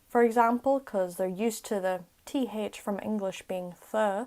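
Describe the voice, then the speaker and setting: A young woman, teaching everyday words in a casual vlog-style lesson, repeating each one slowly and carefully. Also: medium pitch, fairly even intonation, darkish tone. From Ireland. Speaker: language tutor.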